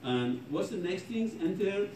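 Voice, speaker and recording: Heard from a distance in an echoey classroom with background noise, this programming professor teaches and cracks jokes with his students in broken, non-native-accented English. He has a high, animated voice with a darkish tone and an unhurried delivery.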